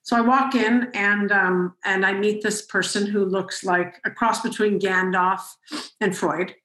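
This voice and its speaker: A woman podcast host telling a story in an animated way, with frequent restarts. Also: mid-range voice, unhurried, reverberant, low-quality recording. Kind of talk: conversational storytelling.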